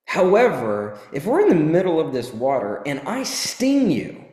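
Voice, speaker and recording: A man's voice: on the high side, huge pitch swings, moderate pace, a little mellow. A man voicing a male scorpion who begs for a ride across a lake, told as a fable in a talk. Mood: reasoning. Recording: echoey hall.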